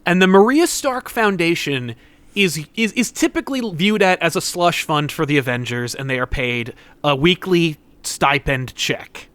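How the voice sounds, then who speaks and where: A man's voice: a little high, animated, moderate pace, a bit bright, no room sound. A young man co-hosting a casual podcast, rambling through theories with lots of fillers. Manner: rambling, acts out characters. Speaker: podcast co-host. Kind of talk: casual comic-book chat.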